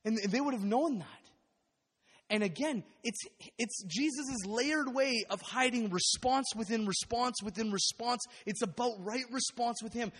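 A man preaching a sermon, animated and acting out the voices of the people in the story. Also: very high-pitched, a little slow. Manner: animated, acts out biblical voices. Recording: long hall reverb.

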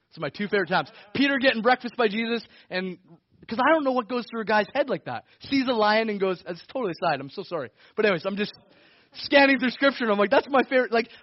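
Male pastor, conversational sermon, breaks into shouts; very high voice, close and dry. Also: no echo, dull audio. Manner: energetic preaching with bursts of shouting; conversational, with laughs and self-corrections.

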